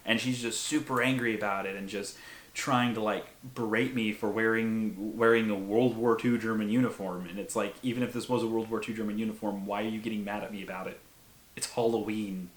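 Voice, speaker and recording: A man's voice: on the low side, steady tone, a little fast. Rambling young man in an echoey room. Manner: rambling, amused, frequent fillers and laughs. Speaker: WWI living historian and video host. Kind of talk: casual storytelling monologue.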